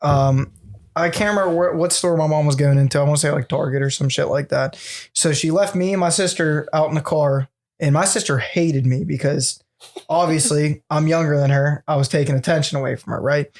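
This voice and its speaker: A man's voice: on the high side, steady tone, a little fast, darkish tone. A young man co-hosting a casual podcast, telling stories in a rambling way full of fillers like um and like. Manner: rambling, many fillers and laughs. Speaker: podcast co-host. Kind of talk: casual storytelling chat.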